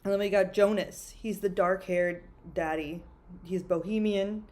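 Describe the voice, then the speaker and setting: A woman's voice: medium pitch, fairly even intonation, a little slow, darkish tone. A young woman co-hosting a book podcast, talking frankly and casually with lots of filler words. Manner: chatty, frank, heavy use of "like". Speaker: podcast co-host. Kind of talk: casual book-club chat.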